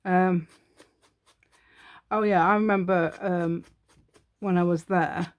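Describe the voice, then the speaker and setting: A woman's voice: on the low side, fairly even intonation, takes it slowly, dull audio. A woman hosting a crafting tutorial, chatting as she works, rambling and laughing often. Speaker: craft channel host.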